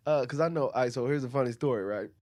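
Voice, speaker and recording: A man co-hosting a podcast, telling a story in casual, animated chat, laughing often and swearing freely. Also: mid-range voice, fast talker, no echo, studio quality. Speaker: podcast co-host.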